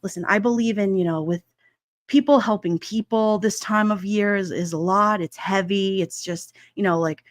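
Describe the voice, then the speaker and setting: A woman's voice: medium pitch, normal speed, dry recording, studio quality. Chatty woman. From Brooklyn, New York. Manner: chatty, laughs often, many fillers. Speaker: livestream host. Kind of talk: casual chat reading viewer comments. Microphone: headset mic with headphones.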